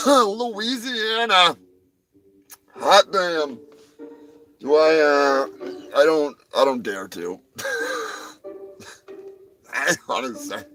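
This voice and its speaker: In a fairly high, sharp voice, this livestream host wanders through a crude, joking comedy stream, frequently mumbling as his sentences fade out. The audio quality is poor.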